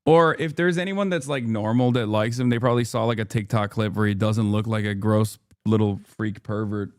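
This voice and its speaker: A man's voice: on the low side, brisk, clear, resonant tone, no echo, clean studio sound. A man giving casual political commentary in a scornful, rambling rant, heard in a clip played from a stream.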